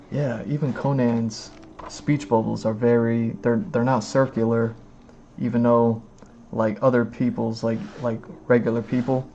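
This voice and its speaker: A man streaming live as he reads comics aloud, rambling and filling every pause with "like" and "you know what I mean". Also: mid-range voice, mellow, muffled recording, a little hiss or hum. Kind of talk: casual live-stream commentary.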